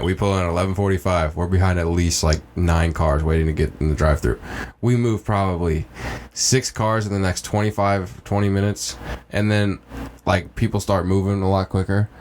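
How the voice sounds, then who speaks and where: A man's voice: deep voice, slight background noise. A young man co-hosting a podcast, telling a laid-back story in casual chat. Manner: laid-back storyteller, says bro a lot. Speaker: podcast co-host.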